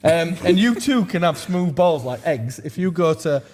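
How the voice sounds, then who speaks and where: A man's voice: a little high, lively intonation, moderate pace, darkish tone. Jokey man hosting a podcast. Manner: jokey, laughs often, rambling. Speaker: podcast host. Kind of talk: casual football chat and ad read.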